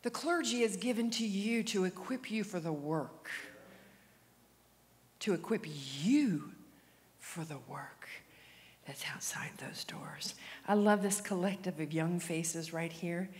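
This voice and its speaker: A woman preaching a sermon, telling her story with animated swings from whispers to loud, fervent prayer. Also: medium pitch, measured pace. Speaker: guest preacher. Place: church sanctuary. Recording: long church hall reverb.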